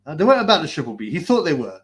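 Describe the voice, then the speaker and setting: A livestream host with a slightly high, sing-song, fairly bright voice talks rapid-fire while wearing a mask in a hot basement. His commentary is profane ranting, crude and mocking of people, broken up by laughter.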